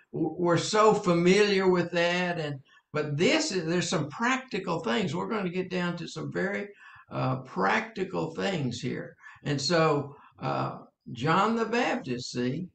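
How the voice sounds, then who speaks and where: An older man teaching a sermon in an earnest, halting way, with many fillers and repeats. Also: high voice, expressive, vocal fry, fairly bright tone, roomy sound, a little hiss or hum. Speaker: preacher.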